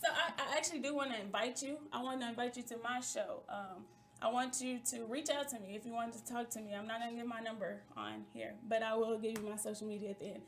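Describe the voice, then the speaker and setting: A woman's voice: a little high, quick pace. A woman hosting a talk show in a chatty, playful manner, talking straight to her listeners. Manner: chatty and playful, calls listeners "y'all" and "baby". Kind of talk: casual chat.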